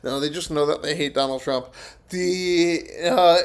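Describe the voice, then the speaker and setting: Loud, swearing young male streamer. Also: on the high side, unhurried, clear, resonant tone. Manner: loud, laughing, swears constantly. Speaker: streamer reacting to news clips. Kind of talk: profane live-stream commentary.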